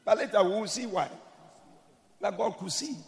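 A man preaching a sermon emphatically, moving from soft explanation to shouted blessings. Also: high-pitched, moderate pace, creaky, in a large hall.

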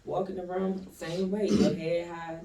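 An earnest, opinionated man talking through his views in a casual group conversation. His voice sits a little higher than usual and has a warm, mellow tone. The mic is some way off, so the room echoes around him. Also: level tone, unhurried, recorded from a distance. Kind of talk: casual chat. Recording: roomy sound from off-mic.

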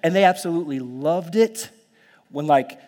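Animated pastor in a reverberant hall. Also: male voice, on the high side, normal speed. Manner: animated, conversational preaching with dramatic whispers and shouts. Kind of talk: sermon.

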